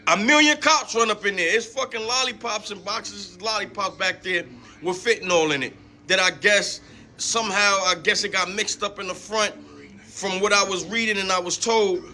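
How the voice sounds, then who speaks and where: A man's voice: sits high, normal speed. A man co-hosting a podcast, telling a story casually with lots of swearing and acting out the people he quotes. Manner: animated, acts out quoted people. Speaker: podcast co-host.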